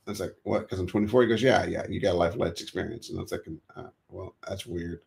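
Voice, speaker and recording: A man's voice: deep voice, brisk, creaky. An American man telling stories about his past in an interview, acting out the voices of the people he quotes. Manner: animated storyteller, acts out quoted dialogue. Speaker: guest. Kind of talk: storytelling interview.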